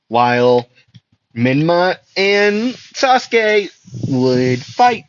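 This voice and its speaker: A man's voice: mid-range voice, dry recording, dull audio. Rambling young man spinning a fan story. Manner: rambling, many "like"s and restarts, laughs at own jokes. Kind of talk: improvised fan story, voicing characters loosely.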